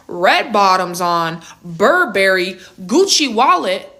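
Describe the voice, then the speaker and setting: A woman in her twenties telling a storytime in a slangy, animated way with big reactions. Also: on the high side, moderate pace. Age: 20s. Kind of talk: storytime vlog.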